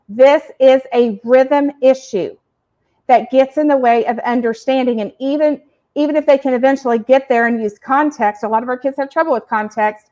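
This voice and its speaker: A woman hosts a podcast for parents and explains each point with energy and emphasis. Her voice sits slightly high, and she sometimes acts out short examples. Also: normal speed, dull audio. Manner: animated, emphatic, uses acted examples. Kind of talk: educational explaining.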